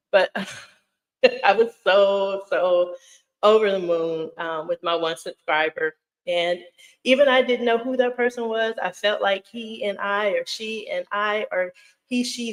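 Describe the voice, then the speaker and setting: A woman's voice: lowish voice, poor audio. A middle-aged woman chatting casually on a live stream, effusive and rambling, greeting viewers by name and laughing often. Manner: rambling with many fillers and restarts. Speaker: vlogger hosting a live Q&A.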